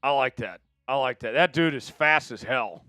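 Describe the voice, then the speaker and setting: A man's voice: medium pitch, normal speed, no room sound, soft background music. A man hosting a live draft stream, chatting casually with viewers and hyping each pick. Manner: chatty, excitable, hypes viewers for likes.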